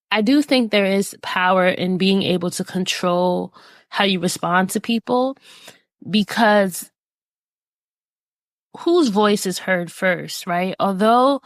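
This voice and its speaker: A woman's voice: mid-range voice, no room sound. A woman hosting a podcast, talking earnestly and encouragingly about life lessons, with casual fillers. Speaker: podcast host. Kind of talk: reflective personal talk.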